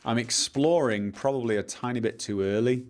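A man streaming live gameplay, muttering to himself, repeating lines and breaking into excited outbursts. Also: medium pitch, normal speed.

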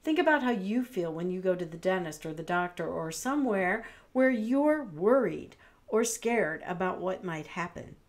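A woman's voice: lowish voice, expressive, moderate pace. A middle-aged woman, a dog trainer, giving friendly, conversational advice straight to the camera. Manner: friendly, conversational, acts out soothing phrases. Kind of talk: direct-to-camera advice talk.

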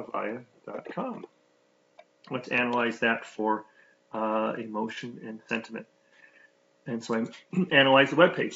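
A man giving a casual, screen-recorded software demo, thinking aloud with many fillers and restarts, heard on a slightly muffled recording. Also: medium pitch, creaky.

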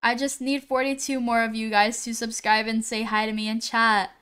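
A woman live-streaming a game, reading names from the chat and greeting viewers one by one, often pausing on how to say them. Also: a little high, flat delivery, a bit bright, clear, resonant tone. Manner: slow, unhurried delivery with frequent "um"s.

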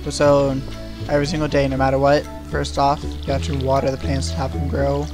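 A man's voice: medium pitch, a little fast. A young man giving casual, rambling commentary on his gameplay, with plenty of fillers. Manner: relaxed, rambling, many fillers. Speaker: gameplay video creator. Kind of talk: casual let's-play commentary. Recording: home recording with clear game music.

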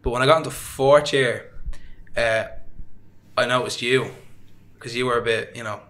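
A man's voice: mid-range voice, steady tone, normal speed, a bit bright. A young man with an Irish accent, a guest in an interview, telling his story in a rambling, chatty way. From Ireland. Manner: rambling, chatty, with frequent fillers and self-deprecating laughs. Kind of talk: casual conversational storytelling.

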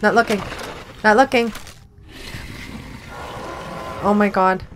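A woman's voice: medium pitch, fairly even intonation, moderate pace, fairly bright tone, slight background noise. Jumpy young woman gamer. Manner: jumpy, frightened exclamations, swears. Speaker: gamer playing a horror game. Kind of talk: let's-play commentary.

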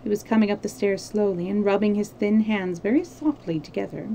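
Woman storyteller, reading aloud, gravelly voice, mellow tone. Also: medium pitch, fairly even intonation, slight background noise, rough recording. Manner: unhurried reading with small slips and self-corrections. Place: home streaming setup.

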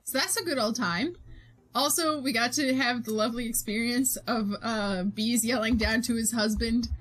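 A woman's voice: fairly high pitch, moderate pace, fairly bright tone. A young woman streamer chatting casually while she draws, recapping her tabletop game as game master in a rambling way full of fillers and laughs. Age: young adult.

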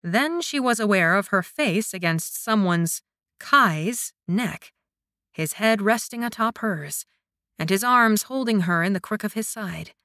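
A woman narrating an audiobook in a measured, scripted reading. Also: medium pitch, lively intonation, sharp tone, no room sound, studio quality.

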